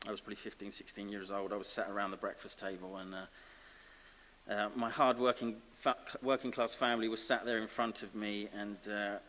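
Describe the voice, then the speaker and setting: A man's voice: lowish voice, flat delivery, a bit bright. Man, wry speech in echoing hall. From Essex, England. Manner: self-deprecating, wry, halting with fillers. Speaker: honorary graduate giving a speech. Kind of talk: comic acceptance speech. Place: large ceremony hall. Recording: reverberant hall with faint hiss.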